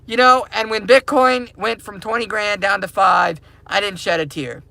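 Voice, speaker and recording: A man rants to his viewers from his parked car, hammering the same points over and over like a preacher. His voice sits high and bright with a gravelly edge. The sound is close and dry. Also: fairly even intonation, normal speed, no room sound. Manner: repetitive, emphatic, preachy. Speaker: crypto mining channel host. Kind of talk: casual ranting monologue to viewers.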